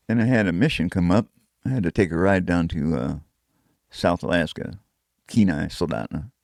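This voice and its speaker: A man telling his own story in a casual, rough and profane way, chuckling now and then. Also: low-pitched, darkish tone, dry recording, studio quality. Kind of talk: casual first-person storytelling.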